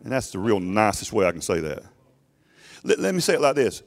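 A male pastor preaching a sermon emphatically to his congregation, often urging them to listen, his voice swelling loud and falling low. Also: very animated, brisk. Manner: emphatic preaching, rising and dropping sharply in loudness; addresses congregation directly with repeated "listen".

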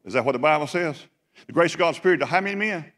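Racing along with lively intonation, a pastor with a somewhat high, slightly bright voice gives a Sunday sermon. He speaks emphatically, repeats phrases and asks the congregation questions. The large church sanctuary leaves a long echo on the recording.

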